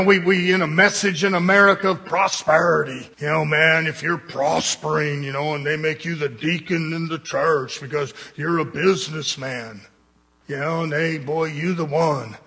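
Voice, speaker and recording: A man's voice: fairly high pitch, a bit bright, slightly rough, long reverb tail. A man preaching a sermon, with blunt, conversational jabs at his congregation.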